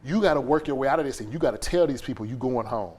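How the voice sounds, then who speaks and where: A podcast guest, male with a mid-range voice, races through a heartfelt personal story. He acts out the scenes animatedly, using quoted voices and sound effects.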